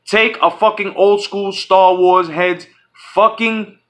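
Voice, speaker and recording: A man delivers a furious, profanity-laced rant to his channel's audience. His voice sits high and sounds bright and sharp. He trips over his own words, repeats phrases and starts sentences over as he vents. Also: steady tone, slow pace. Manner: profane, heated, repetitive; restarts and stumbles often. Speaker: channel host. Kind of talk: angry fan rant.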